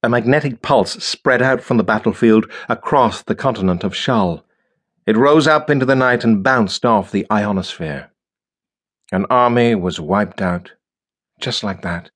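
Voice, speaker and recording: A man reading a science fiction audiobook in a measured, steady storytelling manner. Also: fairly low pitch. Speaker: audiobook narrator. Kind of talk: scripted narration.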